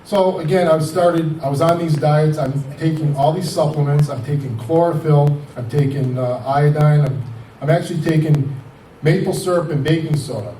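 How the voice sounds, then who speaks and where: A man's voice: fairly high pitch, moderate pace, dark tone, slight background noise. Man in his fifties, distant and roomy. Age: 50s. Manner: rambling, conversational, retells dialogue with "I says" and "he goes". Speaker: patient telling his story. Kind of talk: personal testimony.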